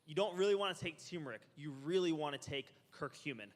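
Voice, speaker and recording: A man presenting at a health seminar, lecturing a live audience in an energetic, joking way and quizzing them. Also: on the high side, quick pace. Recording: reverberant hall.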